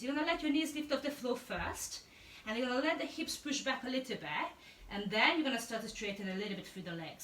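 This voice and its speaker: Woman yoga teacher, higher voice, calm steady cueing, echoey room, mic set back. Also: far from the mic. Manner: calm, encouraging cueing of breath and poses. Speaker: yoga and pilates instructor. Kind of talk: guided yoga class instruction.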